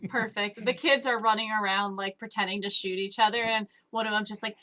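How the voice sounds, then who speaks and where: A woman's voice: mid-range voice, fairly even intonation, fairly quick, few pauses, pushed and bright. A woman narrating a tabletop game as game master, rambling with many fillers. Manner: rambling, laughs often, lots of fillers.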